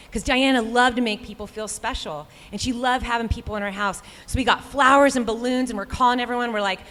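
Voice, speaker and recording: A woman's voice: medium pitch, fairly bright tone. A woman speaking from a stage at a live event, telling a personal story in an earnest, heartfelt way and voicing her own past thoughts aloud. Her voice sits mid-range and carries the long reverb of a big hall. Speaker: professional runner and guest speaker.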